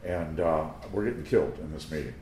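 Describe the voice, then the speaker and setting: Animated and fairly quick, this pastor's bass voice has a darkish tone. He preaches in a teaching room to a live crowd, spinning anecdotes conversationally and tossing asides their way, with a roomy echo and slight background noise.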